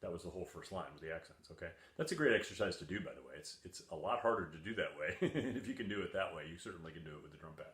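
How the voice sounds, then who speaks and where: Male percussion teacher, very low, forceful voice; patient, counts beats aloud; roomy echo. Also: expressive, racing, hardly any pauses. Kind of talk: home video music lesson for children. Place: room at home. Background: faint drumming on a table and books.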